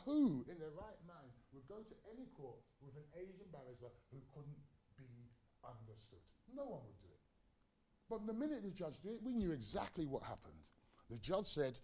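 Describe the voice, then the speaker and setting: A middle-aged man with a high voice speaks briskly as a guest lecturer in a lecture hall, animatedly recounting a personal story and performing its quotes. His volume swings widely, and there's a little hiss or hum.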